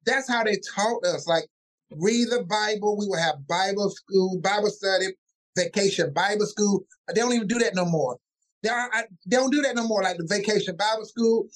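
High-voiced animated male pastor. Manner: animated, acts out family voices mid-story. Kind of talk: casual interview storytelling.

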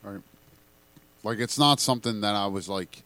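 A man casually chatting about movies, relaxed and rambling with lots of fillers. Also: lowish voice, normal speed. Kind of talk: casual chat ranking movies.

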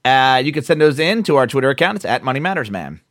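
A man's voice: mid-range voice, big pitch swings, quick pace, a bit bright, dry recording, clean studio sound. A man co-hosting a casual podcast, joking loosely and swearing as he chats. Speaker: podcast co-host.

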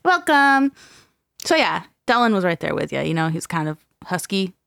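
A woman's voice: lowish voice, moderate pace, creaky, dry recording. Dry-voiced woman podcast host. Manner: animated, laughing, swears freely. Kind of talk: casual true-crime podcast chat.

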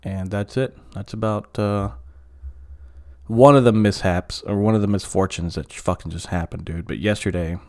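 A man's voice: lowish voice, steady tone, moderate pace, darkish tone. A man hosting a casual solo podcast, rambling and swearing freely with lots of fillers. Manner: profane, rambling, frequent fillers. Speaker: podcast host.

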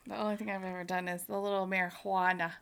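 A woman co-hosting a podcast, chatty and quick to laugh, telling stories in casual chat. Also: medium pitch, flat delivery, creaky, a bit bright, smooth. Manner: giggly, chatty storyteller. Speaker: podcast co-host.

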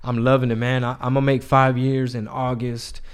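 A man's voice: medium pitch, fairly quick, clear, resonant tone. A man hosting a casual interview, asking follow-up questions and telling his own stories in an easygoing way. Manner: relaxed storyteller, asks follow-up questions.

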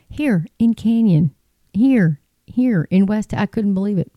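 A woman's voice: mid-range voice, expressive, slow pace, warm tone, no room sound, muffled recording. A woman, vlogging in a rambling, emphatic monologue about what worries her. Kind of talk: casual opinion monologue.

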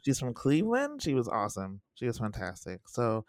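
A young man co-hosting a casual podcast chat, animated and acting out quotes in high voices. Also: normal speed, no echo, clean studio sound. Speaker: podcast co-host. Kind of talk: casual chat reviewing a TV series.

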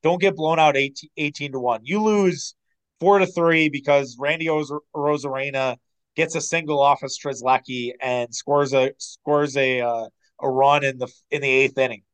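A man co-hosting a casual sports podcast, opinionated and animated, with quick asides and some swearing. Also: medium pitch, clean tone, low-quality recording. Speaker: podcast co-host.

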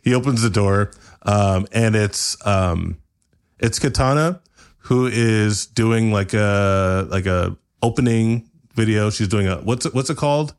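A man's voice: measured pace, clean tone. Laughing man improvising a silly story. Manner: rambling, laughing, jumps into high-pitched character voices. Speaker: podcast host.

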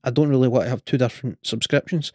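A Scottish man with a mid-pitched voice co-hosts a relaxed podcast chat. He rambles and hesitates, fills gaps with fillers and restarts his sentences. His voice sounds dry and close, with no room echo. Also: fast talker. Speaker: podcast co-host. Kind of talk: casual chat.

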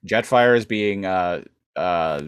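A man's voice: low voice, animated, takes it slowly, clean tone, no room sound, studio quality. A man co-hosting a podcast, recapping an episode in casual chat, rambling with many fillers and restarts. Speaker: podcast co-host.

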